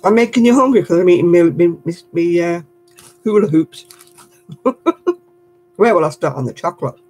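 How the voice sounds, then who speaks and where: A woman's voice: fairly low pitch, normal speed, darkish tone, slightly rough. An older woman, a great-grandmother, chatting casually and laughing often as she reads viewer comments on her crafting livestream.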